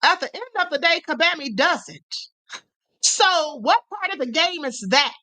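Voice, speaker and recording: A woman's voice: high-pitched, animated, measured pace, pushed and bright. A woman with a Southern US accent hosting a livestream, giving emphatic, sassy opinion commentary and repeating her points. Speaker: livestream host.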